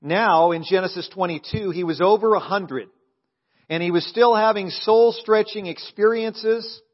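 A man preaching from the pulpit of a church with a somewhat high voice. He is emphatic and draws the congregation into call-and-response, then drops into quieter asides. The recording sounds dull and lo-fi. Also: unhurried. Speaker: pastor. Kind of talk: sermon. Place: church sanctuary.

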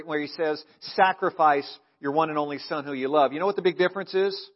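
A man preaching a sermon as pastor, emphatic, calling the congregation to answer back and dropping into quiet asides. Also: fairly high pitch, highs cut off. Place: church sanctuary.

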